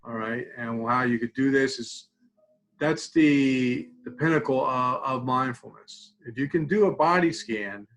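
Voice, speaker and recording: A man of ordinary pitch speaks as a student support clinician on a live webinar. His delivery is loose and conversational, full of "okay?" and "all right?" as he walks listeners through tapping and body-scan exercises. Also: measured pace, fairly bright tone, poor audio. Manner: conversational, tags lines with "okay?"; guides tapping and mindfulness exercises.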